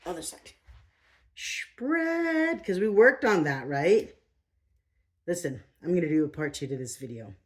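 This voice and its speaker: A woman teaching a yoga class for the feet, talking the viewer through each move in a playful, chatty way with jokey asides. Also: low-pitched. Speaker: yoga instructor. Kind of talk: guided exercise instruction.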